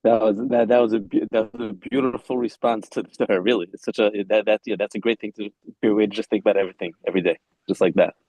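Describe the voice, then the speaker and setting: A man's voice: lowish voice, lively intonation, fast, mellow, dry recording, low-quality recording. A man answering in a class discussion over a video call, hesitant and repeating himself as he looks for words. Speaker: student in the class. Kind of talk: casual response in a class discussion.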